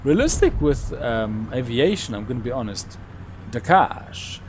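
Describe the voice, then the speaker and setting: A young man chatting through a live game stream, rambling about his play and breaking into sudden excited shouts. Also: mid-range voice, measured pace, slight background noise. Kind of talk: live gameplay commentary.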